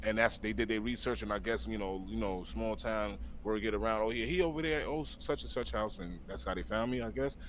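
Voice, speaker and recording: A man's voice: on the low side, fairly quick, few pauses, fairly bright tone, slight background noise. A middle-aged man from Long Island, New York, telling stories as an interview guest in a laid-back, slangy way, talking over a video call. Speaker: guest, battle rapper. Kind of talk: casual storytelling interview.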